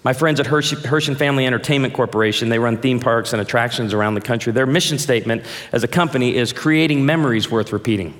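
Forties guy pastor giving a sermon, lively jokey storyteller, big hall echo on it. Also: medium pitch, quick pace, few pauses. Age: 40s.

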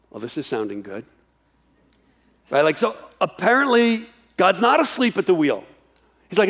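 A man preaching a sermon, animated, often restarting and repeating words as he acts out a dialogue. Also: sits high, moderate pace, pauses often, husky. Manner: animated, acts out voices of God and the prophet. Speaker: pastor.

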